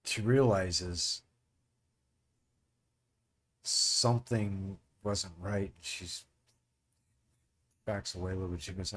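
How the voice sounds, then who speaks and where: A man's voice: low-pitched, steady tone, takes it slowly, pauses often, fairly bright tone. A man narrating as game master in a tabletop game, often laughing as he narrates.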